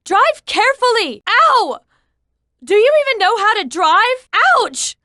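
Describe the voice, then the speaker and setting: An actress playing an impatient, demanding taxi passenger in a video game, talking in a sharp, scolding way. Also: female voice, extremely high pitch, very animated, normal speed, dry recording, studio quality, exaggerated voice. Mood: alarmed.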